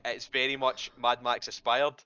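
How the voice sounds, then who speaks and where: A man's voice: mid-range voice, level tone, moderate pace, bright, forceful tone, clean tone, dry recording. Man running a tabletop game, dull recording. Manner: rambling, hesitant, swears casually. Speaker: game master.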